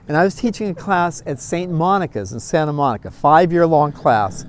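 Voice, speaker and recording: Animated, folksy man teaching a Bible class. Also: fairly high pitch, normal speed, a little hiss or hum. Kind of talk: storytelling Bible lesson.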